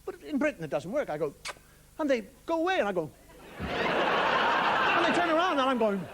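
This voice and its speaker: Over a loud crowd, an Irish stand-up comedian on television riffs wryly, tossing in casual swearing. His very high-pitched voice is highly animated at a normal pace, and the broadcast recording picks up the live studio audience's laughter and noise.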